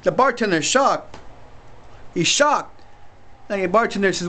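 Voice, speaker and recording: High-voiced young man rambling through a joke. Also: expressive, unhurried, long pauses, pushed and bright. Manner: rambling, self-amused, with asides. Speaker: amateur joke teller. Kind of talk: casual joke telling.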